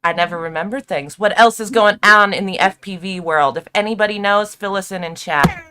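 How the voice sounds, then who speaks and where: A woman's voice: mid-range voice, brisk, sharp tone, smooth. A woman hosting a casual live stream, upbeat and slangy, laughing often. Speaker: stream host.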